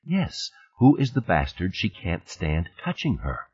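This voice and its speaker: Male reader voicing a cool, exact woman lawyer, husky, lo-fi audiobook. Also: low voice, wildly swooping pitch, a little slow, a little mellow, exaggerated voice. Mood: firm. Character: sharp, composed woman lawyer. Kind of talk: audiobook reading.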